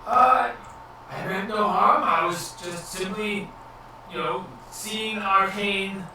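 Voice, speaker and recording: A man's voice: sits high, takes it slowly, pushed and bright, a little hiss or hum, pitched above the performer's own voice, heavily acted. Man putting on a pleading bearded arcanist. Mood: flustered explaining. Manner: pleading, flustered. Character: meek bearded male human arcanist, stowaway. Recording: echoey room, far from mic.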